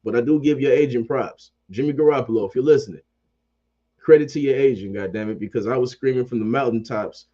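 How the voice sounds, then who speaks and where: A man's voice: medium pitch, fast, warm tone, highs cut off. A man ranting about sports as a fan commentator. He swears constantly, repeats phrases, and keeps up a heated, profane energy.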